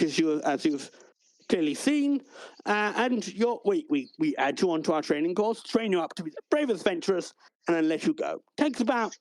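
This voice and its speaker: A man's voice: sits high, no room sound. A man voicing a chirpy, flustered male receptionist at a training academy in a tabletop game.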